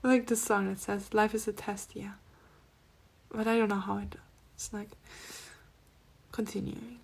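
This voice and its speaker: A woman giving a pick-a-card spiritual reading, speaking softly and often dropping to a near-whisper, then breaking into laughs. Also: medium pitch, level tone, measured pace, creaky, husky. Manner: soft-spoken, drifting between near-whispers and laughing outbursts. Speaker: tarot reader.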